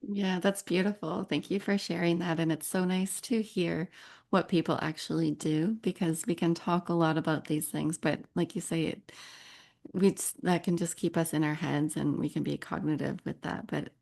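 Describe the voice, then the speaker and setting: A woman's voice: fairly low pitch, fairly even intonation, normal speed, vocal fry, a little mellow. A woman hosting a podcast interview, responding with affirming comments. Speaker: podcast host.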